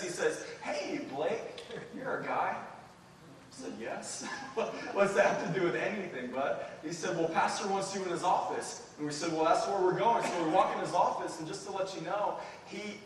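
A man preaching a sermon and telling a mission story, speaking earnestly and building to excited emphasis as he addresses the church. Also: high-pitched, a little hiss or hum. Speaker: preacher sharing a mission report. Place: church sanctuary. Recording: echoey hall, distant mic.

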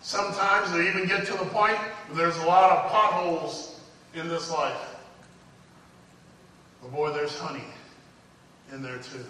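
A man's voice: fairly high pitch, fairly even intonation, measured pace, long pauses, slight background noise. Preacher man in a big echoey hall. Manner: swings from hushed storytelling to fervent exhortation. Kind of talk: sermon. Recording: echoey hall, distant mic.

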